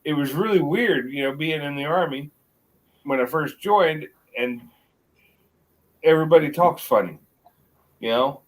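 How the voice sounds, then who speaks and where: A middle-aged man with a mixed American accent, chatting casually as a guest on a livestream and rambling with halting restarts. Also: on the high side, low-quality recording. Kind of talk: casual chat.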